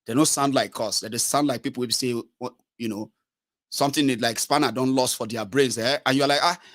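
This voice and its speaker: Here a male political commentator from Nigeria hosts a talk show on his channel, his tone steady and his pace brisk. The animated monologue flips between English, Pidgin and Yoruba in a Nigerian English accent, and he takes on high voices to mimic callers.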